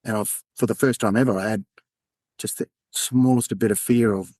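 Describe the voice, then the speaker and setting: A man with an Australian accent, a podcast guest telling a personal story in a candid, halting way. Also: on the low side, steady tone, a little mellow, no echo. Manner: candid, halting, acts out quoted dialogue. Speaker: podcast guest, former undercover police officer.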